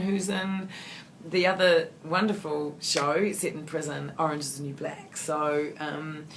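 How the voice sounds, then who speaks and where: A lower-voiced woman chats through fan questions, rambling and gushing with plenty of ums and restarts. A faint hum of noise sits under her voice. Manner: rambling, warm and effusive, many fillers and restarts. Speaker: actress answering fan questions. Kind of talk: casual Q&A.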